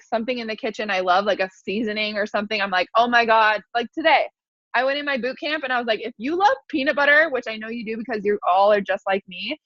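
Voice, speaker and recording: A woman's voice: a little high, fairly bright tone, no room sound, highs cut off. A young woman giving casual, upbeat coaching advice to a new team, speaking in a chatty way full of "like" fillers.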